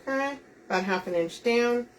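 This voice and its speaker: A woman's voice: fairly high pitch, expressive, normal speed. A woman hosting a live craft demonstration, chatting with viewers as she talks them through each step. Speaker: wreath-making host. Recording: distant mic, faint room noise.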